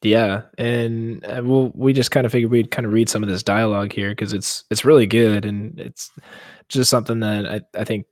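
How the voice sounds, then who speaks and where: A man's voice: lowish voice, moderate pace, dry recording. A man co-hosting a podcast who reads passages aloud and comments on them in a casual, enthusiastic way. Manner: reads dialogue aloud, then comments excitedly. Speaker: podcast co-host. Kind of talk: casual book discussion.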